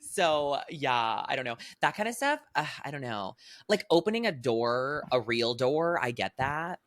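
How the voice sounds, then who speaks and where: A young woman co-hosting a podcast in casual chat, animated and quick to laugh, dropping "literally" and "like" often. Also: extremely low pitch. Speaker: podcast co-host.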